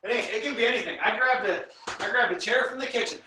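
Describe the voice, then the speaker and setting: Male strength coach leading a live home workout. High, bright voice that counts reps and coaches form, recorded in a very echoey room from a distance. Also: fast talker, slight background noise. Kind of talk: live guided workout instruction. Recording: very echoey room, voice from away from the mic.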